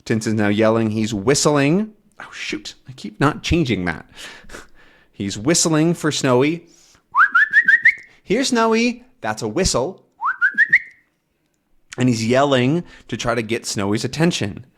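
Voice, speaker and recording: A male English teacher who talks slowly and clearly, rephrasing each word for learners. His pitch rises and falls a lot, which keeps his explanations lively. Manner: patient, repeats and rephrases words, animated. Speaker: English teacher and channel host. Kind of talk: slow explanatory language lesson.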